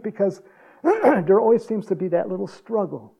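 A man preaches a sermon with a gravelly, mellow voice, chuckling now and then and acting out quotes in a higher pitch. The recording sounds dull and lo-fi. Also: big pitch swings, normal speed. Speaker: pastor.

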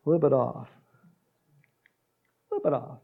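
A man preaching a sermon in a lively, conversational way, acting out voices and laughing along. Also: moderate pace, gravelly, breathy edge, narrow, tinny audio. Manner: animated, acts out quotes with big pitch jumps and laughs. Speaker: pastor.

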